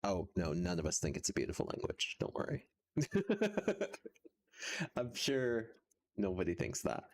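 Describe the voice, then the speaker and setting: A man's voice: deep voice, huge pitch swings, measured pace, a little mellow. A man streaming casually while practicing a language, talking hesitantly with many fillers and frequent chuckles.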